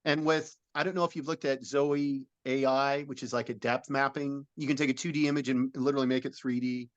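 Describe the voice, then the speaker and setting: A man's voice: medium pitch, fairly even intonation, brisk, no echo, lo-fi sound. Earnest middle-aged man telling a long story. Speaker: film director and producer. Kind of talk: interview, describing a film idea.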